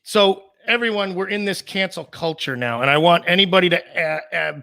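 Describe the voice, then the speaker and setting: Male co-host, high and bright, rambling, teasing, animated casual chat. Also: moderate pace, creaky. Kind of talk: casual live-stream chat.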